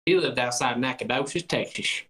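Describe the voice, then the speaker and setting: A man's voice: mid-range voice, moderate pace, fairly bright tone. A man co-hosting a casual podcast chat, blunt and opinionated, swearing freely. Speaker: podcast co-host.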